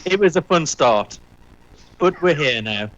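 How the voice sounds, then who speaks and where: A man co-hosting a podcast in cheerful, quick casual chat. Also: on the high side, expressive, a bit bright, highs cut off. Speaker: podcast co-host.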